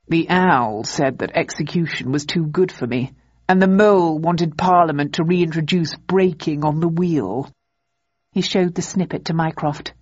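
A woman narrating a novel in a measured, unhurried way. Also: sits low, a little mellow, husky, dry recording, highs cut off. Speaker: audiobook narrator. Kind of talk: scripted narration.

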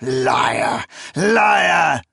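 A man voicing a zealous, cruel old priest with a hoarse, booming voice who shouts and rants scripture. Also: lively intonation, a little slow, no echo, clean studio sound, exaggerated voice. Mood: ranting.

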